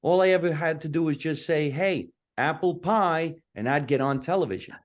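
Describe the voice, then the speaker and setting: A stand-up comedian with a thick New Jersey accent, telling stories in a punchy, animated way during a casual interview. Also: male voice, on the high side, fast talker. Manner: animated, punchy storytelling, slips into character voices.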